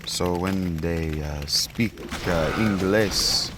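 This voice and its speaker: A man's voice: sits low, drawn-out words. A man giving casual, joking gameplay commentary, rambling with lots of filler sounds as he plays. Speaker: gaming video host. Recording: steady background noise.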